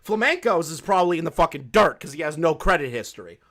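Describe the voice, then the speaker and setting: A man's voice: on the high side, expressive, fast, a bit bright. A man doing live-stream commentary, ranting with lots of swearing and frequent laughter. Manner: profane, ranting, laughs often.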